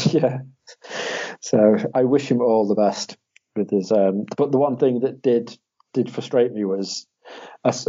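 Young man, casual podcast chat, animated storyteller, mellow husky voice. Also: lowish voice. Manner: animated storytelling, acts out quotes in a raised voice, swears, laughs often. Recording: dull lo-fi audio.

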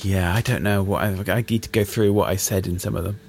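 A man's voice: sits low, steady tone, brisk, vocal fry, a little mellow. A middle-aged man co-hosting a podcast, talking casually in a hesitant, dry, easygoing way. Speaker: podcast co-host. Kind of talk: casual chat.

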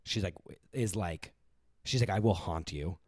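A man from the United States in casual chat, rambling with lots of fillers and lively impressions of his mother. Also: deep voice, moderate pace, no echo, studio quality. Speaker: guest.

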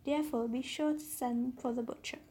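Woman doing a sly donkey, low-key storybook voice, husky and mellow. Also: fairly even intonation, normal speed. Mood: urgent. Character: scheming talkative male donkey.

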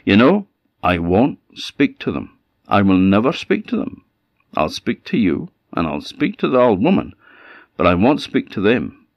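A proud little goat who decides for himself whom he'll speak to, his Scottish voice perked up and lively, as a man does the voice. He sounds dry and close, picky and a touch superior. It's the goat of a told folk tale. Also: fairly low pitch, measured pace, dry recording, muffled recording, pitched above the performer's own voice, exaggerated voice. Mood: stubborn. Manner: stubborn, picky about whom he talks to. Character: sulky, proud talking male goat.

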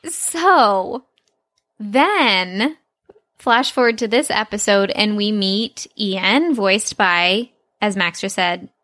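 A woman's voice: mid-range voice, slow, fairly bright tone, no echo, studio quality. A woman co-hosting a podcast, chatting playfully about a cartoon episode and laughing easily. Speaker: podcast co-host.

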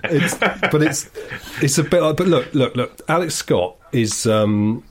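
A man's voice: fairly high pitch, lively intonation, a little slow, slight background noise. A man chatting casually as a co-host, sardonic and digressive, spinning long mocking stories. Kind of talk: casual chat.

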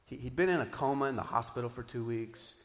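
Animated man preaching in a reverberant hall. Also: medium pitch, fast. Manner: animated, swinging between loud emphatic bursts and quiet asides. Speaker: pastor. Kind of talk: sermon. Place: church auditorium.

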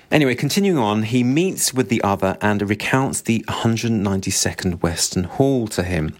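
A low-voiced man talks through a novel, reading passages aloud and then musing over them. He poses questions to himself as he goes. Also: animated, moderate pace, hardly any pauses. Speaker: book discussion host.

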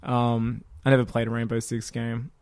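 A man co-hosting a casual games podcast, talking in an animated way, cutting in often and swearing casually. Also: medium pitch, normal speed, smooth. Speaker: podcast co-host. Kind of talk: casual chat.

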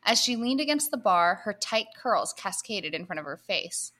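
A woman's voice: mid-range voice, animated, moderate pace, sharp tone. A woman podcast co-host reading an erotic comedy story aloud to her co-hosts, breaking in with laughs and asides.

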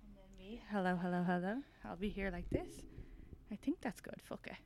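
A woman's voice: mid-range voice, a little fast, a little mellow. Irish woman host, dub-country mix accent, swears a lot, easy banter. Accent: Irish, mix of Dublin and country. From Leixlip area, Ireland. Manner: loose, swearing, laughing banter. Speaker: podcast host and comedian. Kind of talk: casual podcast chat.

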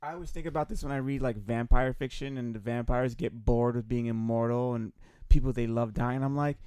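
A middle-aged man in casual conversation, lively and quick to laugh. His voice is close and dry, with no room sound. He curses freely as he gets worked up. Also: medium pitch, clear, resonant tone, no echo. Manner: animated, laughs often, swears casually. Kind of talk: casual chat.

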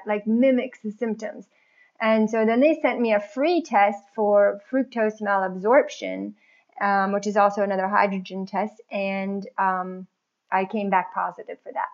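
Woman guest, animated and chatty, recounting her story; mid-range voice, muffled lo-fi recording. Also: mid-range voice. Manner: chatty, animated, laughs often. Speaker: podcast guest. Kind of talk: casual personal story.

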